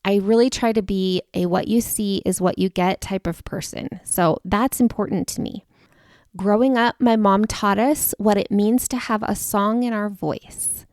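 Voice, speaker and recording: Earnest woman in her forties, gravelly edge. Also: medium pitch, fairly even intonation, unhurried, a little mellow, dry recording, clean studio sound. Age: 40s. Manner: earnest, confiding, addresses listener directly. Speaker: podcast host. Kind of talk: personal storytelling monologue.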